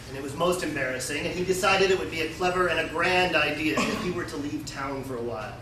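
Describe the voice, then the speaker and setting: A man telling a folksy tall tale to a live audience in a deadpan, mock-solemn manner. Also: fairly high pitch, fast, hardly any pauses. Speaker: storyteller. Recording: echoey room, distant mic, noisy.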